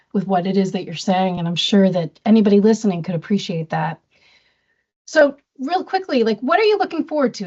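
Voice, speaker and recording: A woman's voice: medium pitch, darkish tone. A woman hosting a podcast interview, chatting casually and affirming her guest. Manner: affirming, conversational. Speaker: podcast host. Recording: dull lo-fi audio.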